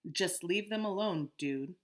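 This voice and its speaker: A woman voicing a calm, easygoing, brave schoolboy of about twelve. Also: mid-range voice, unhurried, pitched above the performer's own voice. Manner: laid-back, easygoing.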